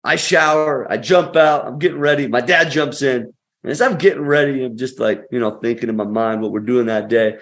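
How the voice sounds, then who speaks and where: A man's voice: medium pitch, fairly quick, a bit bright. A man who is a podcast guest, telling stories in an emphatic, motivational way with punchy phrasing. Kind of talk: conversational storytelling.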